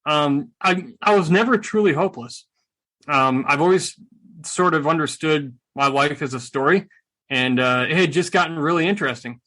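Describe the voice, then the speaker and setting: Man, middle-aged, interview guest, sarcastic humor, bright forceful voice, slightly high. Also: moderate pace. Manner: animated, joking, sarcastic storyteller. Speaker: guest, combat veteran and speaker. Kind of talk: casual storytelling interview.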